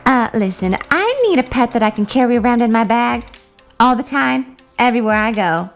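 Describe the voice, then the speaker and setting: A woman's voice: fairly high pitch, lively intonation, moderate pace. A woman putting on a pushy customer in a homemade doll story. She speaks blunt and clipped, brushing past politeness, over faint background music. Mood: brusque.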